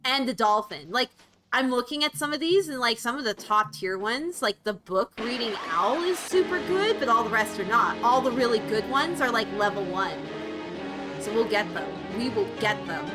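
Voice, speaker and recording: A woman's voice: a little high, unhurried, low-quality recording. A woman streaming, chatting casually to her viewers with plenty of "like" and "oh, shucks" exclamations. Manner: chatty, excitable, peppered with "like" and "oh, shucks". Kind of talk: casual chat while watching trailers. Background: trailer and game music.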